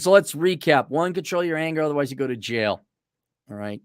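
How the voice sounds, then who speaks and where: Guy ranting advice, sardonic and blunt, kinda high voice, dry close sound. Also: lively intonation, a little fast, clean tone, no room sound. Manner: blunt, sardonic, with mocking asides. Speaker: podcast host. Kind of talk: casual advice monologue. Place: on a trip during a motorcycle rally.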